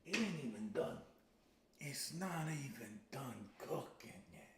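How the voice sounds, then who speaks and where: A man hosting a casual cooking livestream from his home kitchen, excitable and boastful, exclaiming loudly about his own food. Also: medium pitch, takes it slowly, reverberant, background noise. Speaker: livestream host.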